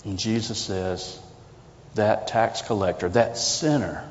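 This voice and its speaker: A male pastor with a fairly low voice delivers a conversational, earnest sermon, tossing out rhetorical questions. His voice carries a long reverb from the sanctuary, and the recording sounds somewhat dull and lo-fi. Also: fairly even intonation, takes it slowly, a little hiss or hum. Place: church sanctuary.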